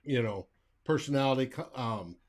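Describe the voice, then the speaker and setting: A man co-hosting a casual sports talk show, speaking in a relaxed, halting way. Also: medium pitch. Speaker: podcast co-host.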